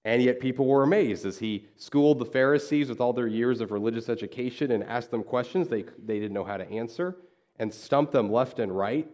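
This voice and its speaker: Speaking briskly with a medium pitch and a slightly mellow tone, a pastor tells a story from the church pulpit. He keeps the sermon conversational and voices the dialogue himself.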